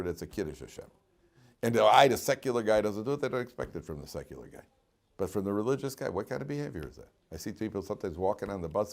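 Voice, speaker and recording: A man giving an informal Torah class to yeshiva students, telling stories, asking rhetorical questions and translating Hebrew terms as he goes. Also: medium pitch. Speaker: rabbi teaching yeshiva students.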